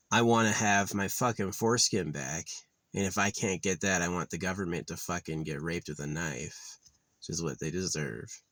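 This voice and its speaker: Low-voiced guy ranting and cursing a lot, rambling casual vlog, dry close sound. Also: no room sound. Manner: profane, rambling, gets loud and heated when ranting. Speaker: vlogger.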